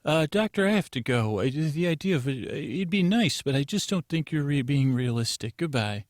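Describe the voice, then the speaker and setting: A man's voice: on the high side, lively intonation, moderate pace, dry recording, studio quality, close to an everyday voice. A man putting on a prim, dismissive receptionist at a bedtime story institute, polite but curt.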